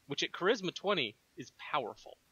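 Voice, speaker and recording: Brief: male tabletop player, bright tense tone, a bit high, playful. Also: sing-song, fairly quick, husky, no echo, highs cut off. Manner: teasing, theatrical. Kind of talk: playful in-character banter.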